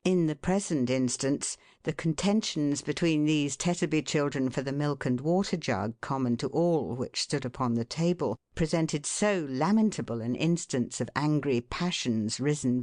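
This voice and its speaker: A woman narrating a classic novel as an audiobook in a measured, even reading. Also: low voice, no room sound, studio quality.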